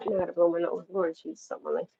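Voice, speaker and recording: Husky-voiced woman chatting on a livestream. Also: on the low side, steady tone, racing, warm tone, muffled recording. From New York. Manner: chatty, rambling, talks straight to viewers. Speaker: livestream host. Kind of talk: casual livestream chat.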